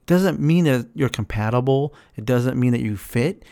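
Man, casual relationship talk, emphatic, repeats himself, mid-pitched voice. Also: lively intonation, moderate pace, dark tone. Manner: repetitive, emphatic, acts out quotes in a higher voice. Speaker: relationship commentator.

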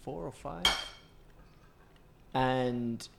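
A man's voice: mid-range voice, very slow, creaky, very noisy. A man co-hosting a casual chat, rambling with lots of fillers and restarts. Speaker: podcast co-host.

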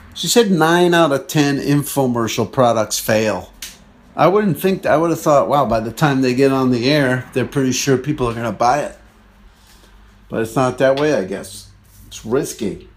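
A man hosting a podcast, telling a meandering comic story in a chatty way and acting out other people's lines. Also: medium pitch. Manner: chatty, meandering, acts out quoted voices. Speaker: podcast host. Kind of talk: rambling comic monologue.

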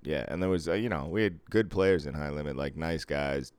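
A man's voice: a bass voice, darkish tone, clean tone, no room sound. A young man, a casino dealer, chatting casually with a sardonic, swearing wit. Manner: sardonic, swearing, quick to do voices. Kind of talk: casual chat.

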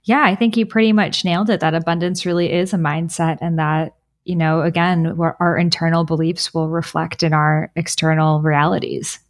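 Chatty woman, low-pitched, podcast guest. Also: flat delivery, normal speed. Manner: chatty, lots of "like" and "you know". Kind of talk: casual conversation and personal storytelling.

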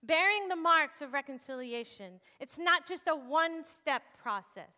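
A woman pastor preaching a sermon and telling a personal story in an animated, expressive way. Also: sits high, normal speed, big-room sound.

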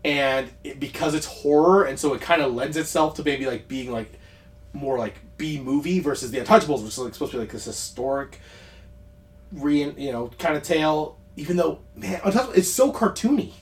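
A man co-hosting a podcast, chatting casually about movies, rambling with quick asides and frequent laughs. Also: fairly high pitch. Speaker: podcast co-host.

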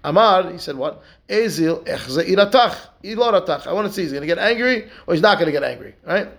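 A rabbi with a high, animated voice leads a Talmud study lesson at a quick clip. He reads the Aramaic and Hebrew text aloud and then walks through it step by step, posing rhetorical questions and constantly checking in with "right?".

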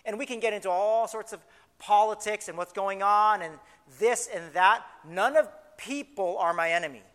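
A male pastor delivering a sermon in a clear, high, bright voice. He preaches with energy and slows right down when reading scripture aloud. His words ring out with a long reverb that trails after each phrase.

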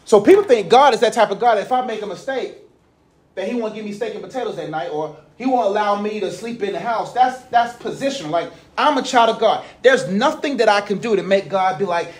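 A young man preaching a sermon in a conversational way, telling stories with slang and swinging between loud passages and low, quiet ones. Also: quick pace. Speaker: pastor.

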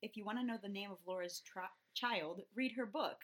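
A woman co-hosting a comedy podcast, telling stories with a teasing, animated manner. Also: mid-range voice, a little fast. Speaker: podcast co-host. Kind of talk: casual comedic chat.

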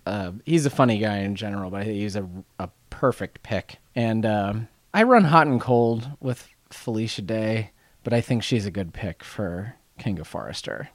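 A man's voice: lowish voice, expressive, moderate pace, no echo. A man co-hosting a podcast in an office, rambling casually and laughing often. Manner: rambling, laughs often, puts on silly voices. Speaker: podcast co-host. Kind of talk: casual chat.

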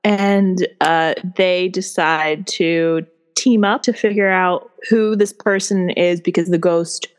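A young woman co-hosting a casual book discussion, animated and swearing freely, full of fillers. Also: fairly low pitch, slow pace, clear, resonant tone. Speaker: podcast co-host.

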